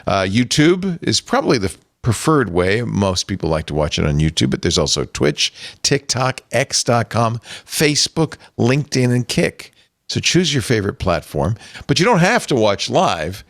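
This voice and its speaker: An older man hosts a tech podcast, chatting casually and cracking jokes in an animated way before reading out the show's schedule and plugs. His voice is fairly low, his pace moderate, and the audio has no echo.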